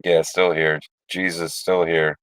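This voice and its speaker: A man's voice: sits low, level tone, unhurried, a bit bright, clean tone, no room sound, poor audio. A man hosting a casual livestream, telling rambling, profane stories. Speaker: livestream host.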